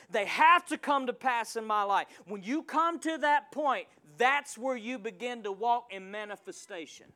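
A male pastor preaching a sermon in a church, calling out to the congregation and swinging from quiet asides to loud surges. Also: high-pitched. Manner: call-and-response preaching with sudden loud surges.

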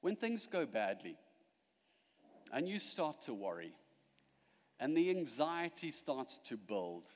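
Animated male preacher in a reverberant hall. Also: mid-range voice, takes it slowly, pauses often. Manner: animated preaching, rising to emphatic peaks and dropping quiet. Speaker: pastor. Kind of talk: sermon.

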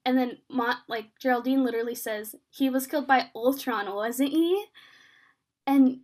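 A woman's voice: high-pitched, moderate pace, darkish tone. A woman co-hosting a casual chat, animatedly retelling a TV episode and acting out quoted lines. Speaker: podcast co-host.

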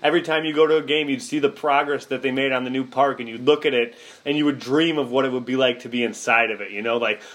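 A man hosting a casual sports podcast, easygoing and enthusiastic. He reminisces freely, leans on fillers, and steers the chat with questions. His pitch sits in an ordinary middle range. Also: fast talker, hardly any pauses. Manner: relaxed, enthusiastic, lots of you-knows, asks questions. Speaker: podcast host.

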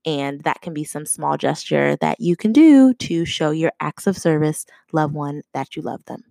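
A woman's voice: deep voice, expressive, normal speed, gravelly, warm tone, no room sound. A young woman hosting a podcast, talking chattily in a casual, conversational way and laughing often. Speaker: podcast host. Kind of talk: casual solo podcast talk.

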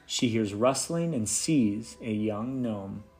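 A man running a tabletop game as game master, narrating in a relaxed, halting way with many fillers and restarts. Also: fairly low pitch, soft background music.

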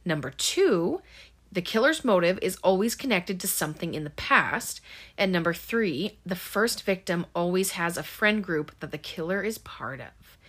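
A woman casually recapping a horror movie plot, chatty, with lots of ums and likes, slipping into quick quoted lines. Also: fairly low pitch, lively intonation, fairly bright tone, husky.

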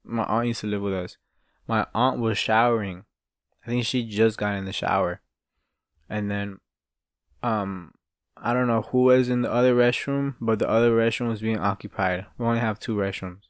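A male podcast host tells stories in a loose, rambling way, swearing freely. His voice is smooth and clear, and the recording is dry and close. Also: on the low side, fairly even intonation, normal speed, no echo. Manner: rambling, profane, laughing at his own stories. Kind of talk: casual solo storytelling.

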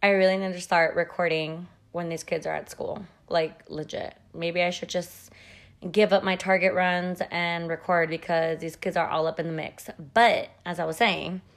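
A woman's voice: lowish voice, level tone, normal speed, creaky. A woman in her thirties hosting a podcast, telling a story in a blunt, profane, chatty way full of "like" fillers. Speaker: podcast host. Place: at home.

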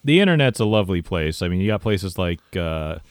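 Podcast host guy, wry, laughs a lot reading messages, lowish voice. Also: big pitch swings, brisk, clear, resonant tone, no echo, clean studio sound. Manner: wry, laughs often, reads messages aloud. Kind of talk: casual podcast chat.

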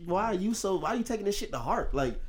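A man's voice: sits high, sing-song, fast talker. A man talking in a loose, profane, casual chat, laughing often.

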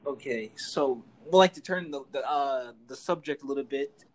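Easygoing interviewer, middle pitch, stumbles a bit over questions, laughs along. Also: moderate pace, slight background noise, low-quality recording. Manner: relaxed, hesitant phrasing, laughs along.

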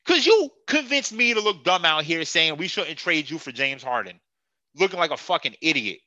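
A man with a very bright, sharp voice, ranting about his team with plenty of swearing and sarcasm. His pitch jumps all over as he talks. The recording is dry and a little dull. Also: big pitch swings, normal speed, no room sound. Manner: profane, heated, sarcastic. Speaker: sports podcast host. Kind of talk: casual sports rant.

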